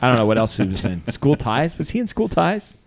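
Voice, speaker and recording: A man's voice: mid-range voice, a little fast. A man hosting a podcast, chatting casually and sometimes slipping into quoted movie lines. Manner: animated, breaks into movie-quote impressions. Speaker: podcast host. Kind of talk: casual chat.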